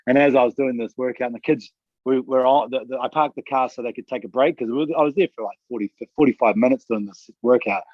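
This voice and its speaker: A man co-hosting a podcast, telling animated stories and acting out what other people said. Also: medium pitch, fast talker, no room sound, lo-fi sound. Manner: animated storyteller who acts out other people's lines. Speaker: podcast co-host. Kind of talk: casual podcast storytelling.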